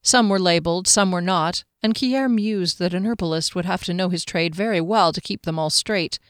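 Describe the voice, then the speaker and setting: Reading a scripted fantasy audiobook, a woman narrates in a lowish voice with a steady, measured delivery. The sound is dry and of studio quality.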